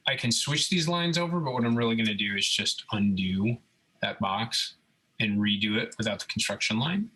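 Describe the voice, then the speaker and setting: A robotics instructor with a fairly low, slightly rough voice walks through a screen-recorded CAD tutorial at a moderate pace. He explains each step in a relaxed way and keeps checking in with "okay?" The audio quality is poor.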